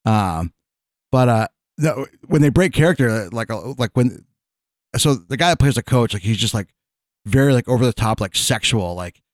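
In casual conversation, a man with an expressive mid-range voice tells long, meandering stories at normal speed, full of fillers and restarts, laughing partway through sentences. It's captured in studio quality without echo.

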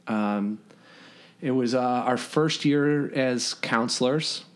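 A man's voice: medium pitch, a little slow. Guy in his 40s on a podcast, laughing through camp stories, lots of ums, regular voice. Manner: animated storyteller, laughs through anecdotes, many fillers. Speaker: podcast guest, former camper and counselor. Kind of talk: casual storytelling chat.

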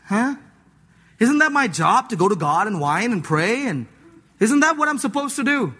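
A male preacher delivers a lively, joking sermon, slipping into acted voices and casual slang between verses. His voice sits very high and rings bright and forceful. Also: normal speed, pauses often, slightly rough. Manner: animated, playful, acting out voices and laughing; mixes scripture with slang like "dude".

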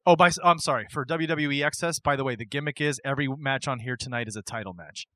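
A man's voice: mid-range voice, fast talker, bright, forceful tone, no echo. A man hosting a casual podcast chat who tells a story with energy, acts out the quotes and laughs often. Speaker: podcast host. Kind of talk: excited wrestling storytelling chat.

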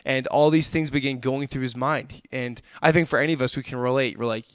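A man's voice: mid-range voice, fairly even intonation, fairly quick, fairly bright tone, smooth, no echo, studio quality. A young adult man preaching a sermon, fervent and calling his listeners "guys".

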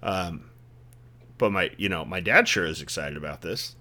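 Earnest man with a forceful low voice. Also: normal speed. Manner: earnest, reflective, talks in long searching sentences. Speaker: podcast host. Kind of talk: casual podcast conversation.

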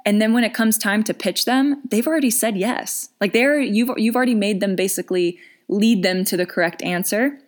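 A woman's voice: mid-range voice, brisk. A young woman in her twenties giving casual business coaching advice, chatty with lots of fillers and restarts.

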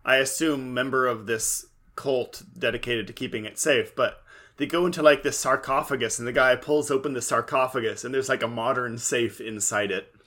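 A podcast co-host chatting casually about an anime, adding quick joking asides. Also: medium pitch, fairly bright tone. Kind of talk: casual chat.

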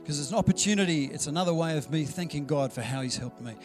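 A man preaching a sermon in an easygoing, storytelling way, voicing the people in his anecdotes. His voice sits a little high for a man. Music plays clearly behind him. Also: fast talker. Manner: conversational storytelling preacher, acts out quoted dialogue. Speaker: pastor.

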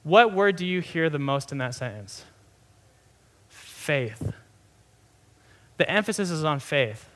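A man's voice: fairly high pitch, lively intonation, fairly quick, few pauses, fairly bright tone. A young adult man giving a sermon in a conversational, earnest way, often restarting phrases and saying "like". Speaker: pastor.

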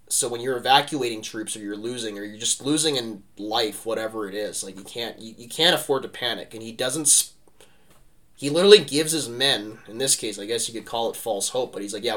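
Bright, energetic male co-host; animated and rambling storyteller who keeps checking in with "right?". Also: fairly low pitch, a little fast. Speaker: podcast co-host. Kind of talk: casual history discussion.

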